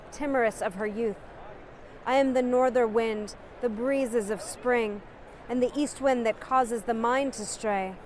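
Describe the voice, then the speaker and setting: A woman's voice: fairly high pitch, darkish tone, slight background noise. Impassioned woman declaiming poetry. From United States. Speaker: poetry reciter. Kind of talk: dramatic poetry recitation.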